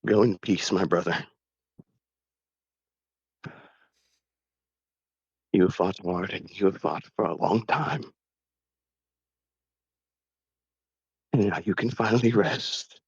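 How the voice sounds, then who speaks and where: A man's voice: low voice, normal speed, vocal fry, breathy edge, dry recording, lo-fi sound, heavily acted. A man playing a grieving male warrior bound by an oath, talking in a tearful, pleading way. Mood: solemn.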